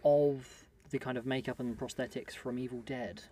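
A man's voice: medium pitch, steady tone, normal speed, crowd noise. A man in his twenties co-hosting a podcast, chatting casually about a film and asking curious questions. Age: 20s. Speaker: podcast co-host.

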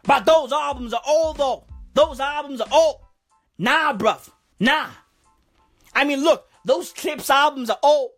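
一位南非口音的女性，嗓音沙哑偏高，满口俚语地搞笑吐槽，背景有微弱音乐。. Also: female voice, high voice, a little slow, soft background music. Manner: profane, repetitive, animated slang. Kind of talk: comedic rant monologue.

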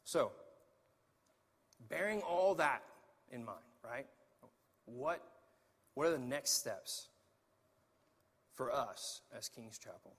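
A man's voice: medium pitch, animated, slow, vocal fry, pauses often, fairly bright tone, slightly rough. A man preaching a sermon as pastor in a church, talking straight to the congregation with frequent asides. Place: church sanctuary. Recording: echoey hall.

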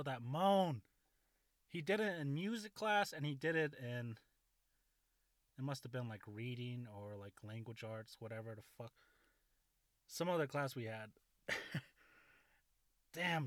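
A man's voice: mid-range voice, no echo. Rambling, profane man in his thirties. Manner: rambling, profane, laughing often. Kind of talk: casual storytelling monologue.

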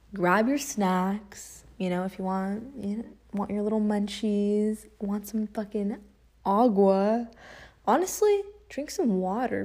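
Gravelly-voiced young woman chatting casually. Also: mid-range voice, warm tone. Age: young adult. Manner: chatty, swears a lot, laughs often. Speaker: podcast host. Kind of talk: casual storytelling podcast.

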